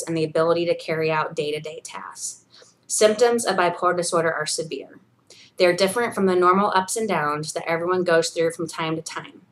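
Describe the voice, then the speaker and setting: A woman's voice: on the low side, a bit bright. A woman in her thirties recording a personal video diary, earnest and encouraging, reading from her journal and talking straight to viewers. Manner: earnest and encouraging, with many fillers. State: briefly emotional, near tears. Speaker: vlogger.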